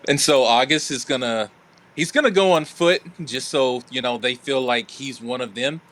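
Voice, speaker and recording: A man playing a tabletop game, calmly describing what his character does in a hesitant way. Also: mid-range voice. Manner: unhurried, hesitant with fillers. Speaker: player.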